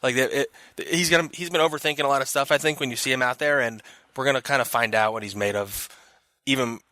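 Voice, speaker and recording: A man's voice: medium pitch, steady tone, quick pace, bright, forceful tone, no echo. A young man co-hosting a casual sports analysis chat, loose and conversational, laughing easily. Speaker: sports reporter co-host.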